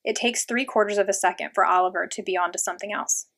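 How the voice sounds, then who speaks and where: A woman reading a children's novel aloud in first person, in a steady, plain narrating voice. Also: mid-range voice, quick pace, vocal fry. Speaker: audiobook reader.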